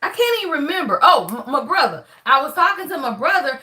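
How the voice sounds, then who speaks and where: A woman's voice: high voice, sing-song, quick pace, bright, forceful tone. A woman, giving a casual live spiritual reading, loose and profane, talking straight to her viewers. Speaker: spiritual reader on a livestream.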